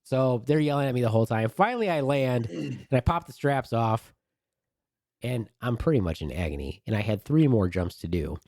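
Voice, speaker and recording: A man on a podcast telling an animated story with crude humor in a casual way. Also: mid-range voice, normal speed, no echo, studio quality. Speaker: podcast co-host.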